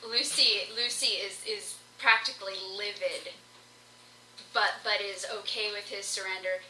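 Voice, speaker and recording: A woman's voice: mid-range voice, fairly even intonation, a little slow, pushed and bright. A woman playing a tabletop game, chatting casually and reacting playfully. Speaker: player. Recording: echoey room, faint noise.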